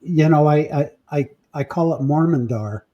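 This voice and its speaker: A man podcast host in casual chat, telling stories with halting restarts and fillers. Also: fairly high pitch, muffled recording. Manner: storytelling, halting with repeats and fillers.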